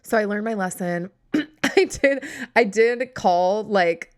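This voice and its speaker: A woman's voice: mid-range voice, slow pace. A young woman hosting a podcast, telling a story in casual chat, exasperated and sarcastic, swearing freely and acting out both sides of the conversation. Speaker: podcast host.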